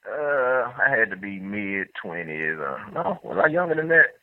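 A man's voice: lowish voice, big pitch swings, unhurried, dry recording. A man calling in to a talk show, telling a rambling story with restarts and bursts of laughter. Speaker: caller. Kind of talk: call-in storytelling. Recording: dull lo-fi phone line.

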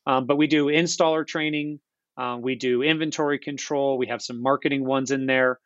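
A man's voice: medium pitch, steady tone, moderate pace, a bit bright, dry recording. A man speaks as a podcast guest, explaining things earnestly in a casual, explanatory way and often restarting his sentences. His voice sits in a middle range. The recording sounds a little dull and dry, with no room around it. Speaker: ISP founder and CEO, guest. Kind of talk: casual podcast interview answers.

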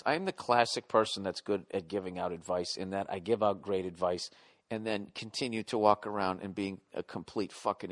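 A middle-aged man hosting a podcast, reading listener letters aloud and answering them in a blunt, profane, rambling way. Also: lowish voice. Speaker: podcast host.

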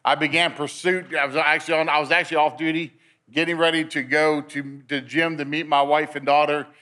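Guy with a kinda high voice telling his testimony at a mens meeting, repeats himself when he gets going. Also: a little fast. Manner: storytelling, repeats words when excited. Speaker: speaker at a men's meeting. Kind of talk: personal testimony.

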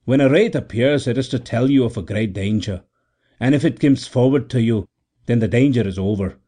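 A man's voice: mid-range voice, brisk, dark tone, close to an everyday voice. A man reading the part of a good-natured innkeeper who exclaims and scolds in a raised voice. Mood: curious. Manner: exclaiming, chiding, curious.

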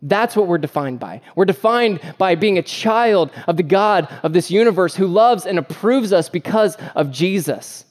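A man's voice: high voice, expressive, moderate pace, few pauses. A man preaching a sermon as pastor, earnest and emphatic, with repeated phrases and joking asides about family life.

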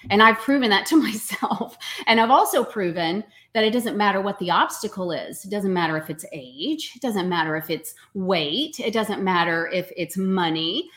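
A woman's voice: mid-range voice, moderate pace, few pauses, a bit bright. A woman in her forties, a guest actor in a casual interview, talking with upbeat emphasis and easy laughs.

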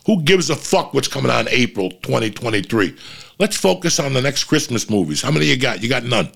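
A man with a gravelly, creaky voice rants exasperatedly, cursing at every turn as he tells a story. His pitch sits at an ordinary middle level. He slips into quoted asides to act out what he and others said. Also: fairly bright tone. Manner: exasperated, swears constantly. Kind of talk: profane ranting monologue.

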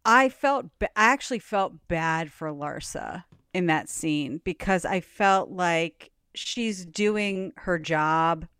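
A woman's voice: lowish voice, animated, slow, few pauses, fairly bright tone, smooth, no echo, studio quality. A woman guest on a podcast, talking through reality TV scenes in a thoughtful, rambling way with wry asides. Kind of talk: casual recap chat.

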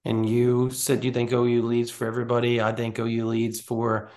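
A man's voice: medium pitch, completely flat delivery, moderate pace, a little mellow. A man co-hosting a recruiting podcast, chatting casually and animatedly, often restarting his sentences. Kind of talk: casual sports chat.

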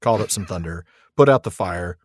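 A man's voice: low-pitched, lively intonation, a little fast, no echo, clean studio sound. Laughing, chatty man on a podcast. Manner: chatty and laughing, retells the plot with wry jokes. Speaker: podcast co-host. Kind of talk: casual chat.

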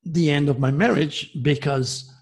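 A man telling a personal story in a rambling, excitable way, with many restarts. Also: a little high, a little slow. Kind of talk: casual storytelling.

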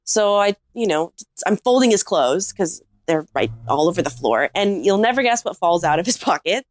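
A woman, a podcast guest, telling a comic story in a casual, animated way with lots of "like.". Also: fairly low pitch, moderate pace, no room sound, clean studio sound. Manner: animated anecdote-teller, heavy use of "like".

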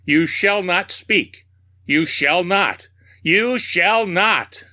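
A man voicing a raving madman who shrieks curses at a clock in a high, thin, piercing voice. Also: animated, takes it slowly, sharp tone, dry recording, clean studio sound, heavily acted. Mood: frenzied, raving.

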